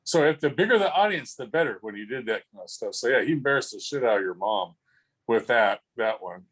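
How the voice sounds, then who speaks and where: A man's voice: medium pitch, animated, fairly quick, a bit bright, husky, poor audio. A man telling funny stories at a memorial over a video call, rambling and chuckling with frequent restarts. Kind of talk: casual storytelling.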